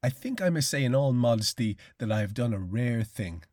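A man's voice: mid-range voice, expressive, darkish tone, no room sound, studio quality, natural voice. A man reading as a suave, menacing old aristocrat hunter. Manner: slow, measured, courteous delivery. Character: suave, cultured older male aristocrat hunter, quietly menacing. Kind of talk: audiobook reading.

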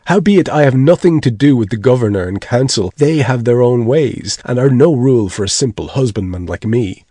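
A man's voice: medium pitch, lively intonation, normal speed, mellow, no echo, studio quality, lightly acted. A man voicing an anxious, stubborn young Puritan husband, speaking in an earnest, uneasy way.

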